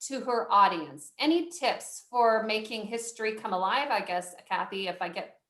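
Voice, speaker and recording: A woman's voice: mid-range voice, expressive, normal speed, fairly bright tone. A woman moderating a video call workshop, reading out audience questions in a friendly, chatty, sometimes apologetic way. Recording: roomy video call audio.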